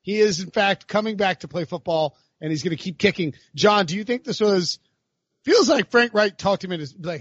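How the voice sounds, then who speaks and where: Fairly high, lively male voice cracking jokes as a sports podcast co-host. The sound is dull and lo-fi, dry with no room echo. He keeps the banter loose and playful. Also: normal speed, husky. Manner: jokey, animated, slips into silly voices.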